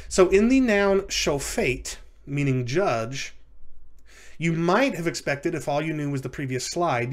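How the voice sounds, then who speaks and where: A man giving a recorded language lecture, explaining step by step with frequent fillers and self-corrections. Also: medium pitch.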